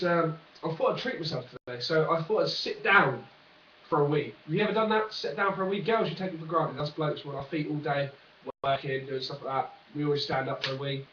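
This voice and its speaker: A man with a slightly high voice talks to camera in a meandering, sarcastic comic vlog. He sits back from the mic in an echoey room, and the sound is dull and lo-fi with faint hiss underneath. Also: fairly quick, fairly bright tone, far from the mic. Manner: jokey, sarcastic, meandering asides. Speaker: vlogger. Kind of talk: rambling comic monologue to camera.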